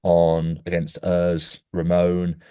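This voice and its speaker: A man's voice: low voice, takes it slowly, smooth, no echo, studio quality. A young man co-hosting a podcast, telling a long anecdote in casual chat with lots of restarts and "mate". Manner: animated storyteller, many restarts, keeps saying "mate". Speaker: podcast co-host.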